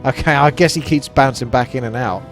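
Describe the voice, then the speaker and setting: A man's voice: medium pitch, brisk, a bit bright, soft background music. A man casting a live strategy game match, chatty and analytical. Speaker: esports caster.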